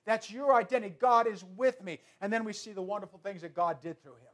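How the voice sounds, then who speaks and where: A male pastor delivering a sermon, repeating key phrases emphatically and moving between soft asides and loud declarations. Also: high-pitched, quick pace.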